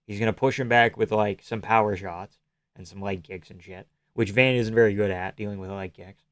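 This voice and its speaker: A man's voice: lowish voice, steady tone, brisk, a bit bright, no echo, clean studio sound. A man hosting a live stream, casually and profanely analyzing fights and answering chat questions.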